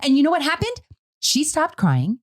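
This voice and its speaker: A middle-aged woman co-hosting a casual parenting talk, telling a family story in an animated way and acting out what she said. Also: high-pitched, normal speed. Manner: animated storytelling, quotes her own words. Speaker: podcast co-host.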